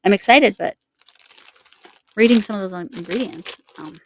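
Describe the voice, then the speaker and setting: A woman's voice: medium pitch, moderate pace, a little hiss or hum. A woman chatting to camera in a rambling, self-correcting way while showing snacks and yarn. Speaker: crochet vlogger. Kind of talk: casual chat to camera.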